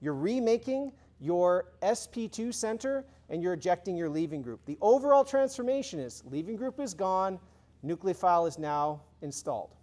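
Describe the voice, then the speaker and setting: A man's voice: high-pitched, sing-song, moderate pace, darkish tone. A man giving a university chemistry lecture in a conversational way, quizzing the class with review questions and adding informal, humorous asides.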